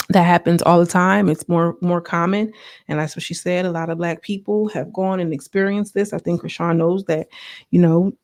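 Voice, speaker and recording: Gravelly-voiced chatty woman reviewer. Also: lowish voice, dry recording, studio quality. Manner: chatty, filler-heavy, animated asides. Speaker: YouTube reality-show reviewer. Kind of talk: casual reality TV recap.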